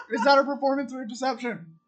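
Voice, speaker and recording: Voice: high-pitched, a bit bright, slight background noise. A tabletop role-playing player, giggly and chatty, narrating actions and asking rules questions. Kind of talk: casual tabletop play.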